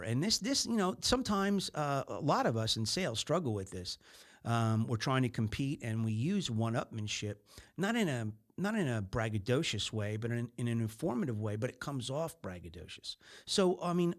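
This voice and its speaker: Animated man hosting a business show. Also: mid-range voice. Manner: animated, acts out little scenes in other voices. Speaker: podcast host. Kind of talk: casual business talk.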